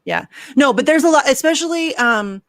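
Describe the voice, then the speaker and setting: A woman's voice: high voice, animated, moderate pace, no room sound, clean studio sound. A young woman ranting with heat and sarcasm, swearing freely in a livestream chat. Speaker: guest. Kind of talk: heated livestream talk.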